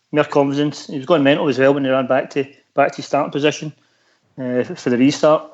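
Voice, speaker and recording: A Scottish man co-hosting a fan radio show, talking haltingly with many stumbles and restarts. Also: medium pitch, fairly even intonation, muffled recording. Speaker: co-host. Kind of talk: casual radio chat.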